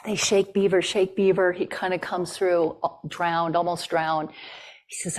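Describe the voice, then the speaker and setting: A woman's voice: lowish voice, little pitch movement, a little slow. A woman giving a talk and telling a traditional story in a conversational way, with fillers. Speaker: guest speaker.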